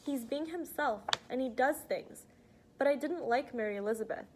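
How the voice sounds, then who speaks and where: A woman's voice: high voice, moderate pace, noisy background, natural voice. A woman reading aloud as a shy, awkward teenage boy who speaks hesitantly. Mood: subdued. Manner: hesitant, subdued. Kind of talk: audiobook reading.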